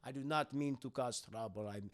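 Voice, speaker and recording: A man voicing a suave male vampire count who speaks slowly and formally, with smooth, polite apologies. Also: medium pitch, pitched below the performer's own voice, close to an everyday voice. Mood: smooth courtly.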